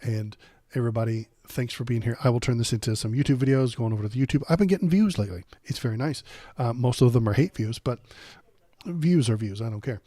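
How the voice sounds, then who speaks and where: A man hosts a political livestream, talking bluntly and sarcastically with plenty of swearing. His voice is dark and mellow, and his throat is sore from a cold. The sound is dry and close, with little room around it. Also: medium pitch, fast talker, dry recording. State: coming down with a cold, throat bothering him. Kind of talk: ranting political commentary.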